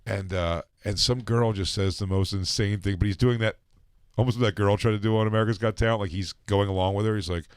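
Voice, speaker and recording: A man's voice: lowish voice, fairly even intonation, fast, clear, resonant tone, no echo, clean studio sound. A man co-hosting a comedy talk show, telling loose rambling stories in casual chat. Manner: loose, rambling storytelling with impressions. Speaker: podcast co-host.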